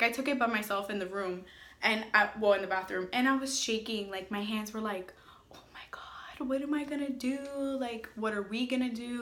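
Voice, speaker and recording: A woman's voice: mid-range voice, pushed and bright, roomy sound. A young adult woman chatting casually in a storytime vlog, full of filler words and "like". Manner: chatty, filler-heavy, lots of "like". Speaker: family vlogger.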